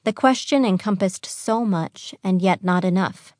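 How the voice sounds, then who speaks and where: A woman narrating a young adult fantasy audiobook in a measured, even storytelling manner on a close studio mic. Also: medium pitch, no echo.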